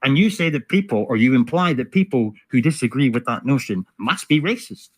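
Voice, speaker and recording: A man's voice: mid-range voice, animated, fairly quick, low-quality recording. A man giving sarcastic, profane political commentary over video clips, full of rhetorical questions.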